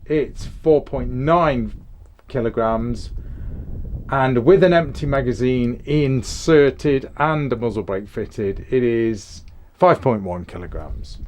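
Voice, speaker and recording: A man's voice: mid-range voice, darkish tone. A man from England with an English accent, reviewing a rifle in a frank, matter-of-fact, casual way. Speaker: firearms reviewer.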